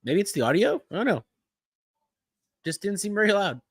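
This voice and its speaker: A man's voice: high voice, very animated, moderate pace, breathy edge, no room sound. A man hosting a casual wrestling-watch live stream, rambling with frequent restarts and easy chuckles. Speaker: podcast host.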